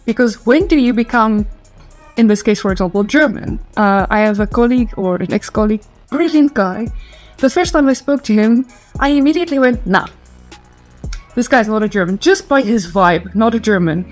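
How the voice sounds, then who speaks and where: A South African woman telling stories to camera in a chatty, animated way, laughing easily. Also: on the high side, fairly quick, soft background music. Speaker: storyteller and channel host. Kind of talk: casual storytelling to camera.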